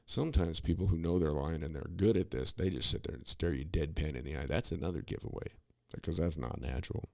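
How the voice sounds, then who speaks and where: A man's voice: very deep voice, fast, creaky, hardly any pauses, a little mellow, no echo, studio quality. A man co-hosting a podcast, talking in a rambling, opinionated way with many restarts and asides. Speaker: podcast co-host. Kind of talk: casual political commentary.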